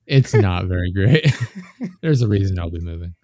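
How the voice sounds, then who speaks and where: A man's voice: low voice, lively intonation, normal speed, crowd noise. A young man, a podcast guest, chatting casually and telling rambling anecdotes with chuckles.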